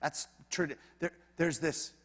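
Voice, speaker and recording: A man preaching a sermon as pastor, in a conversational, animated manner with humorous asides. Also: a little high, slow, long reverb tail, very noisy.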